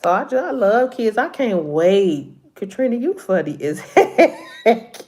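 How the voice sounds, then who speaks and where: A woman's voice: mid-range voice, big pitch swings, a little slow, darkish tone. A middle-aged woman chatting casually with viewers on a live stream, laughing often, a little congested from allergies.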